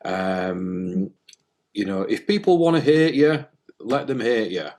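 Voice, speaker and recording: Low-voiced man in rambling spiritual chat. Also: very animated, takes it slowly, darkish tone. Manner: jokey, rambling, many fillers and restarts. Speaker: medium and podcast co-host.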